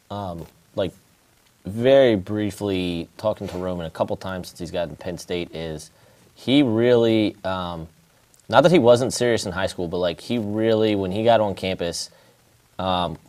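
A man's voice: deep voice, a little mellow. A man co-hosting a casual sports talk show, speaking hesitantly with many fillers. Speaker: co-host.

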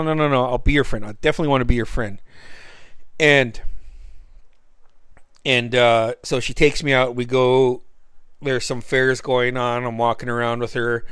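A man telling a personal story in a loose, casual way. He swears freely and slips into the voices of people in the story. His voice sits at a middle pitch and is recorded dry and close, with no room echo. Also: fairly even intonation, moderate pace, a bit bright, clean tone. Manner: profane, loose storytelling that acts out quoted voices; frequent fillers and restarts.

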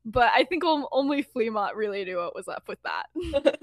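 A woman's voice: fairly high pitch, expressive, normal speed, no room sound, clean studio sound. A young woman co-hosting a casual podcast, rambling and giggling through a fan story with lots of fillers.

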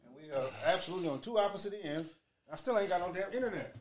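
A man's voice: high voice, animated, fast. A man co-hosting a casual podcast, rambling, stammering and laughing often, with coarse language. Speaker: podcast co-host. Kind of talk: casual banter.

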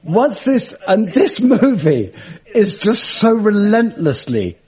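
A man with a husky voice, telling funny anecdotes in casual chat and laughing mid-sentence. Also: high-pitched, very animated, slow pace, a little mellow. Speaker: guest, comedian and musician.

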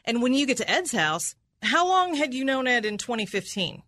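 Aggressive woman cross-examining, bright tone. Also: fairly high pitch, sing-song, normal speed, no echo, studio quality. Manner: aggressive, repeats answers back with "right?". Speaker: prosecutor.

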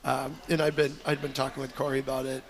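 A man's voice: medium pitch, level tone, fast, gravelly, noisy background. A man co-hosting a local food podcast, friendly and rambling as he chats with a guest. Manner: friendly, rambling, many fillers. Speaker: podcast co-host. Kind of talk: casual interview chat.

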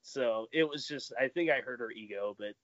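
A man telling dating stories in a casual chat, laughing often and acting out quotes in a higher voice. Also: moderate pace, fairly bright tone. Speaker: podcast guest. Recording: dull lo-fi sound.

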